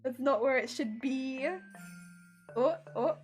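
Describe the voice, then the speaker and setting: A woman's voice: sits high, slow pace, faint music behind. A British woman chatting casually with her live-stream viewers while she crafts, often breaking into laughter. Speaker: cosplay streamer.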